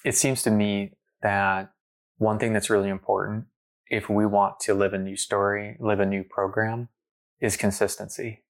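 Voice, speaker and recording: A man with a low, gravelly voice tells a story in an easy, chatty way, leaning on filler words and acting out the people he met. His delivery is lively and loose, with a rough crackle at the bottom of his voice. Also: normal speed. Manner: animated storyteller, many fillers, acts out quotes. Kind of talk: casual storytelling conversation.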